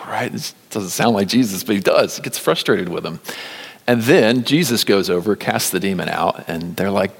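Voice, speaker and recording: A man preaches in a somewhat low voice, swinging from loud emphatic lines to hushed, almost whispered appeals. The sound rings out with the long reverb of a large church hall. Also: expressive, normal speed, slightly rough. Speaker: pastor. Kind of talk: sermon.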